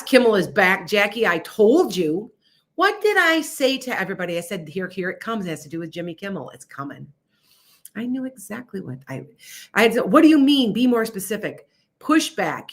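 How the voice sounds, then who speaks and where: A woman's voice: medium pitch, a bit bright. A woman hosting a casual livestream as a psychic reader. She talks in a chatty, scattered way that turns emphatic and insistent. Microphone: streaming setup.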